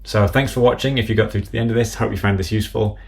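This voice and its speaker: Low gravelly guy doing a screen tutorial, methodical, mutters stickings under his breath. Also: steady tone, very fast, a little mellow, a little hiss or hum. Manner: methodical, thinking aloud while clicking; calls out drum stickings in a low murmur. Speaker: app developer demonstrating software. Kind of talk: screen-recorded software tutorial.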